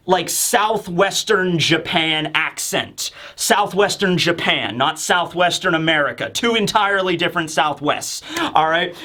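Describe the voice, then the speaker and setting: Excitable male manga reviewer, rambling casual commentary, high voice. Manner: excitable, rambling, lots of fillers.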